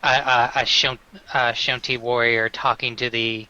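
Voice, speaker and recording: A man's voice: medium pitch, level tone, a little slow, pushed and bright, highs cut off. A man narrating as game master of a tabletop game, rambling with many fillers and restarts.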